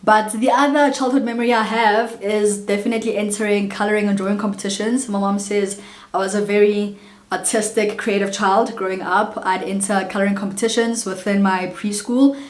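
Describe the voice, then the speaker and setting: A South African woman in her late twenties, chatting casually and warmly as a vlogger, telling childhood stories with lots of asides to viewers. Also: mid-range voice, fairly even intonation, fairly quick, reverberant. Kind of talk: casual get-to-know-me storytelling.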